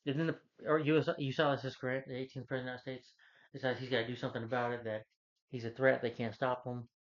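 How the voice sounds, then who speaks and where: A man's voice: medium pitch, level tone, quick pace. A man reviewing a movie, casually rambling through the plot and stringing events together with "he's like". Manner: rambling, loose retelling full of "he's like". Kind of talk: casual movie recap rant. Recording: dull lo-fi recording.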